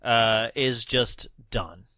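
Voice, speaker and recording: Young male podcast co-host, bright and slightly high, laughing chatter, dry close sound. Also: smooth, no room sound. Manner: laughs often, talks fast in bursts. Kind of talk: casual chat.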